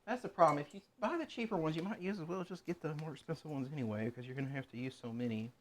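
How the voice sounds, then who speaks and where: A man's voice: a little high, very fast, a little hiss or hum. A man streaming himself cooking in a home kitchen, chatting casually and rambling to himself as he works.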